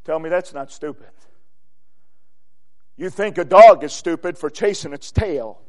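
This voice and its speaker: A man preaching a sermon, emphatic, swinging between loud exclamations and quiet low phrases. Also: expressive, measured pace.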